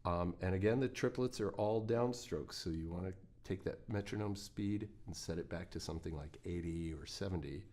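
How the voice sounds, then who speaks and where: Low-voiced man teaching guitar. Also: moderate pace, few pauses, a little mellow. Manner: plain, encouraging, with folksy quips. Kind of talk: instructional lesson.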